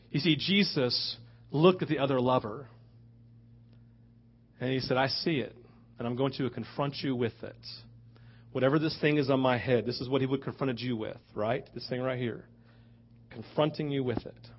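A man preaching a sermon, switching between loud rhetorical questions and hushed asides. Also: mid-range voice, breathy edge. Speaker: pastor. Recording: dull lo-fi recording.

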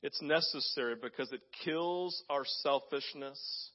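A pastor delivers a lively sermon in a slightly raised voice, full of energy and acted-out quotes. Sometimes he drops to a soft hush to make a point. The recording sounds somewhat dull and lo-fi. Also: on the high side, unhurried. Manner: animated, acts out voices in quotes; drops to soft, hushed tones for emphasis.

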